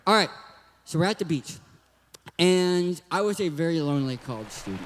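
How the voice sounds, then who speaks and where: A man's voice: a little high, big pitch swings, moderate pace, long reverb tail, slight background noise. A young man from Southern California with a lisping, cartoon-like voice gives a hyper, joking youth talk at a church. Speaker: guest speaker.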